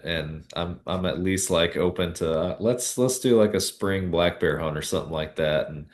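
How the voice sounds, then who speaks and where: Man, low voice, podcast host, easygoing, hesitant restarts. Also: moderate pace, hardly any pauses. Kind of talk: casual interview.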